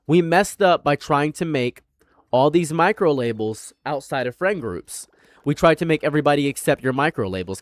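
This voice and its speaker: A man's voice: fairly high pitch, dry recording. A young man chatting casually on a livestream from his room at home, rambling, repeating himself and mocking people. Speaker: streamer.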